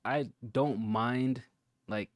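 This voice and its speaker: A man's voice: medium pitch, steady tone, very slow, dry recording, studio quality. A man co-hosting a casual podcast chat, asking wry, teasing questions. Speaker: podcast co-host.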